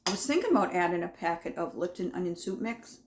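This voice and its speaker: A woman's voice: fairly low pitch, lively intonation, fast talker, background noise. A woman chatting casually in her home kitchen as she tastes and talks through her own cooking, rambling and folksy.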